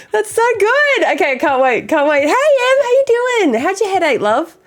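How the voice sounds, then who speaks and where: A young woman streaming a game, chatting excitedly with chat and swearing freely. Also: very high voice, normal speed. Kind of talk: casual live-stream chat.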